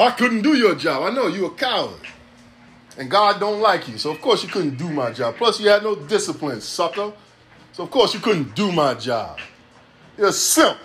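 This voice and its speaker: A man's voice: high-pitched, a bit bright, slight background noise. A man, hosting a podcast in a blunt, profane, streetwise ranting monologue. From New York City. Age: 40s. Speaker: podcast host.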